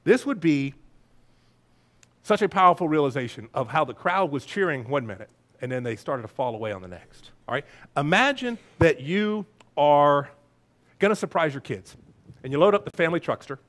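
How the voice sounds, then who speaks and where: A man preaching a lively, playful sermon as pastor, breaking into shouts and silly voices. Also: a little high, normal speed.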